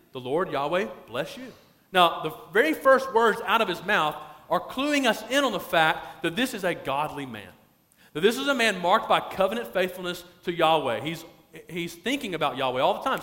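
A man preaching a sermon as pastor, stretching key phrases out slowly for emphasis. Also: fairly high pitch, fairly bright tone, in a large hall.

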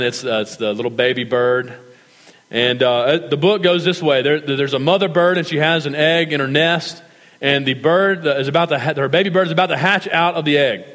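A male pastor preaching a sermon in a church, earnest and measured, slowing down for scripture and prayer. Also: on the high side, fairly bright tone. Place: church sanctuary. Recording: reverberant hall.

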